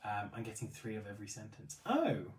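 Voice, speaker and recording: A chatty man hosting a live stream, his pitch swinging up and down as he reads out viewer comments. He sounds set back from the mic in a roomy, echoing space. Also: brisk, recorded from a distance, noisy background. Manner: chatty, apologetic and animated. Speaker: livestream host for a beauty retailer.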